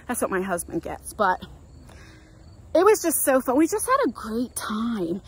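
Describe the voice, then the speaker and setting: A middle-aged woman with a New Jersey accent, telling a story in a chatty, animated way while walking outdoors with her phone. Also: on the high side, unhurried, a little hiss or hum, poor audio. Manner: chatty, animated storytelling, acts out quoted voices. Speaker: vlogger. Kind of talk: walk-and-talk storytime.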